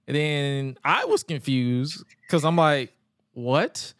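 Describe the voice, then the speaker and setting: Animated man recapping wrestling on a podcast. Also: fairly high pitch, slow, clear, resonant tone, no room sound. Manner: animated storytelling, acts out quotes, stammers. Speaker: podcast co-host.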